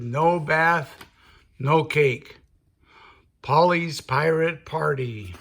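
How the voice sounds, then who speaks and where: An older man reading a picture book aloud to children as a grandfather storyteller, playful and animated. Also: a little high, takes it slowly, vocal fry.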